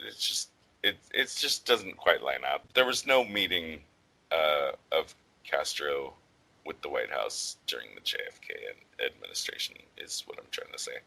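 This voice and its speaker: Bright-voiced man chatting casually. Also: very deep voice, animated, normal speed, gravelly, poor audio. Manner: rambling, filler-heavy, swears casually. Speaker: podcast co-host. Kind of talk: casual podcast discussion.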